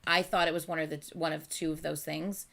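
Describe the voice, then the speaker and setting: Woman host, lowish voice, casual chatty reading and reacting at home. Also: fairly quick, vocal fry. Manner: animated, chatty, thinking aloud with many okays. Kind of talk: casual live reading chat. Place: at home at night.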